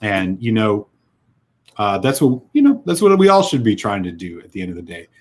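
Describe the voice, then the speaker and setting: A man's voice: on the low side, wildly swooping pitch, normal speed. A man co-hosting a casual whisky chat, telling a heartfelt, rambling story with lots of fillers. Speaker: whisky podcast co-host.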